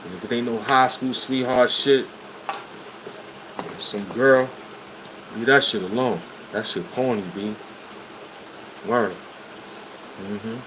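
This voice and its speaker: A man's voice: mid-range voice, slow pace, pauses often. Blunt New York man livestreaming. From Brooklyn, New York. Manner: blunt, street slang, talks straight to viewers. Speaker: livestream host. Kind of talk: casual livestream storytelling. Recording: air conditioner hum behind voice. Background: air conditioning hum.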